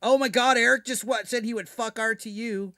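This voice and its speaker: Brash, bright-voiced streamer man ranting. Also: very high voice, fairly even intonation, a little fast, no echo, studio quality. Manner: brash, profane, mocking rant to chat. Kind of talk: live-stream commentary.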